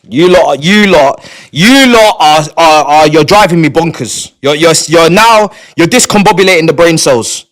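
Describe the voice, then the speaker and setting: A man, chatting live on stream to his viewers, excitable, repeating and stumbling over words, sometimes shouting. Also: moderate pace, hardly any pauses. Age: 20s. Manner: shouts in bursts, then drops to low mutters. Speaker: livestreamer.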